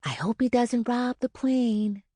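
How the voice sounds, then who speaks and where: Innocent five-year-old boy, quiet and plain, read by a woman narrator in her own voice; slow audiobook delivery. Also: on the high side, breathy edge, no room sound. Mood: solemn.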